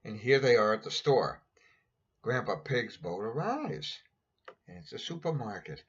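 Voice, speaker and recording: A man's voice: medium pitch, sing-song, unhurried, slightly rough. A man casually reading a picture book aloud, adding chatty asides and pointing at the pictures. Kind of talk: casual storybook read-aloud. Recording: dull lo-fi recording.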